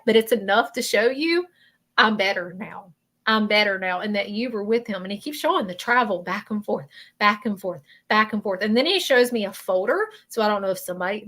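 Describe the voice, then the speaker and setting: A woman with a Southern American accent giving a live psychic reading, earnest and halting, often stopping to apologize. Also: mid-range voice, a bit bright. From Southern United States. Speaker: psychic medium.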